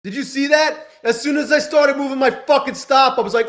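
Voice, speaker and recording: A man live-streaming his trading, cursing constantly and swinging between low muttering and angry shouting at the market. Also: steady tone, fairly quick, hardly any pauses. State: frustrated and angry. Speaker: livestreaming futures trader.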